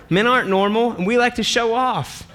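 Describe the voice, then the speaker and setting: A man who is a pastor, preaching a sermon in an animated, playful way and laughing often. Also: very high-pitched, moderate pace.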